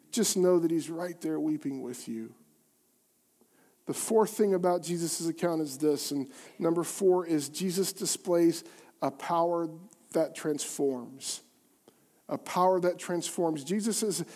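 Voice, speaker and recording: High-voiced preacher with dramatic delivery. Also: male voice. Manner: dramatic, rhetorical questions, shifts between soft and loud. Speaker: pastor. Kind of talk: sermon.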